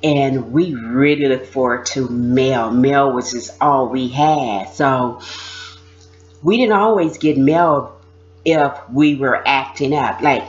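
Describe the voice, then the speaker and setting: Low-pitched woman, casual animated storyteller, dull lo-fi sound. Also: slow. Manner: animated, mimics voices, laughs while telling. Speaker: former prisoner sharing experiences.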